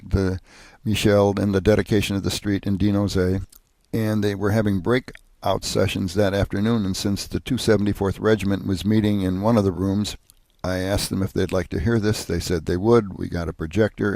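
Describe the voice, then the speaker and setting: A man's voice: deep voice, vocal fry, darkish tone, no echo. An older man narrating a personal family history, earnest and plain-spoken, with occasional restarts.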